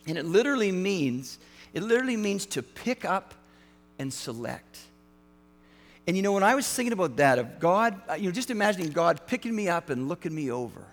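A male pastor giving a sermon in a casual, animated way, with frequent restarts and fillers. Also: sits high, brisk. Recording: hall reverb, mains hum.

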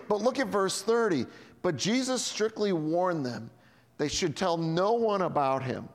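A male pastor preaches with a high, expressive voice that swoops up and down. He acts out the dialogue as he goes. A long reverb carries through the church hall. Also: moderate pace. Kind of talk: sermon.

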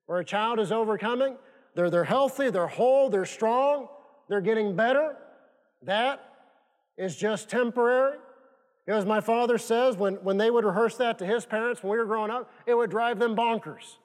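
A man's voice: sits high, moderate pace. A male pastor preaching a sermon, repeating phrases emphatically and prompting the congregation to answer back. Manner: repetitive, emphatic preaching with call-and-response prompts. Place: church sanctuary. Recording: long reverb of a church hall.

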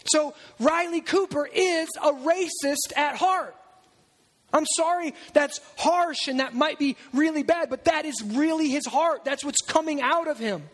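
A man preaching a sermon in a lively, conversational way, breaking into asides and acted-out quotes. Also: very high-pitched, unhurried.

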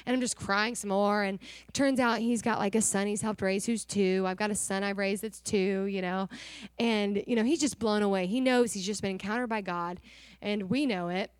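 A young adult woman giving an earnest, animated personal testimony to a church congregation, acting out the dialogue as she tells it. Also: medium pitch, normal speed, clear, resonant tone, dry recording. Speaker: missionary sharing testimony.

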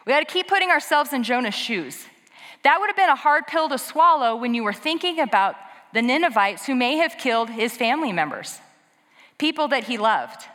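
Bright-voiced woman preaching in a reverberant hall. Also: high-pitched. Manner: animated, talks to the congregation with quick asides. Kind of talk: conversational sermon.

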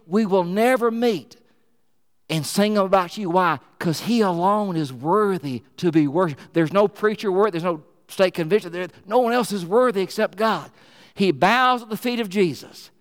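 Preacher guy, fired-up folksy sermon, high smooth voice, big echoey church. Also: moderate pace. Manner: animated, emphatic storytelling with folksy asides. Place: church sanctuary. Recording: reverberant church hall.

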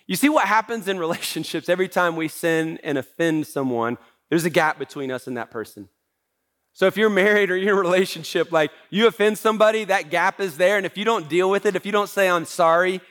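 A man's voice: sits high, fairly bright tone. A man preaching a sermon as pastor, talking in a conversational way with self-deprecating humor.

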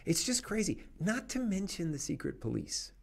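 A man hosting a podcast, speaking in an animated, emphatic way and laughing between points. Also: high-pitched, normal speed, creaky. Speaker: podcast host. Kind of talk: conversational commentary.

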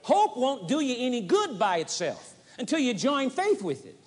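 A man's voice: extremely high pitch, huge pitch swings, moderate pace. A man preaching a sermon with emphasis, driving points home by repeating short phrases. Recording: long hall reverb, 1980s audio tape.

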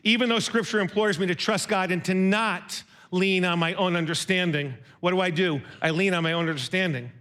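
A middle-aged man with a high, light voice gives a sermon as a personal story. He talks conversationally and pokes fun at himself. He slips into the voices of the people he quotes. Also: a little fast, clear, resonant tone. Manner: conversational, self-deprecating, animated retelling with quoted dialogue. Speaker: preacher.

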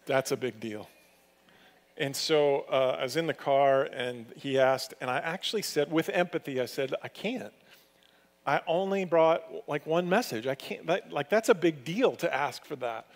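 Male pastor, fairly high voice, conversational storytelling sermon, long hall reverb. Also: moderate pace. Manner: storytelling, conversational with lively swings in pitch and loudness.

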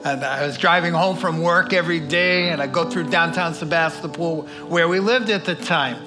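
A man's voice: on the high side, moderate pace, music in the background. A male pastor giving a sermon in a conversational, folksy way with many asides. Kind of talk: sermon with personal story.

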